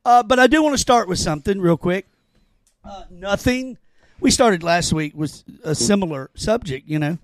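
A man hosting a casual podcast chat, talking in an animated, excitable way and stammering when he makes a point. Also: high voice, moderate pace, no echo. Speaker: podcast host.

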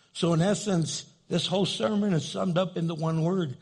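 An older male pastor preaching in a relaxed, storytelling way, his voice sitting a little high for a man. It has a gravelly fry and a husky, slightly rough edge. He speaks directly and plainly to the people in front of him. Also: moderate pace, few pauses. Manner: storytelling, folksy and direct with the congregation. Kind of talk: conversational sermon.

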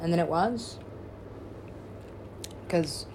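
A woman's voice: medium pitch, lively intonation, moderate pace, darkish tone, a little hiss or hum. A woman, a musician and DJ, telling a rambling personal story in casual talk, swearing freely and laughing often.

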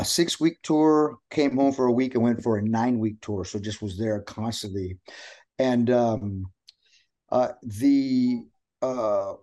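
Mellow-voiced man telling animated stories. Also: medium pitch. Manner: animated storyteller acting out quotes. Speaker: guest, pro wrestler. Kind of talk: casual chat.

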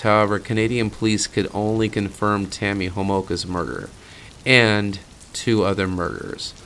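A man with a lowish, fairly bright voice hosts a true-crime podcast, casual, blunt and sarcastic, swearing freely. The recording carries a little hiss or hum.

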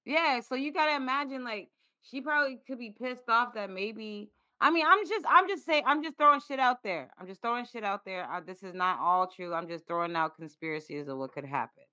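A woman co-hosting a casual podcast chat, animated and playful, often laughing. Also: a little high, fairly quick, hardly any pauses. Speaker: podcast co-host.

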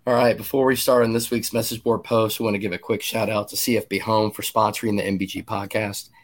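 A man in his fifties hosting a casual podcast, talking conversationally with restarts and quick asides. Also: fairly low pitch, level tone. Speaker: podcast host.

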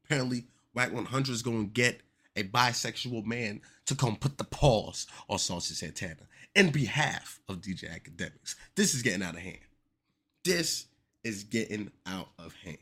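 A young man hosting a casual commentary podcast, animated and joking with exaggerated reactions. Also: fairly low pitch, moderate pace, slightly rough. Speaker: podcast host.

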